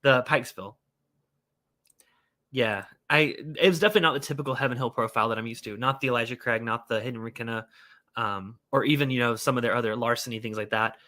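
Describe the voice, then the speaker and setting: A man hosting a casual whiskey livestream, animated and scolding himself with frequent exclamations. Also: medium pitch, quick pace.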